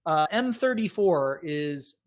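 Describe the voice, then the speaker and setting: Game master, tabletop narration, lively, descriptive, middle pitch. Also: slow.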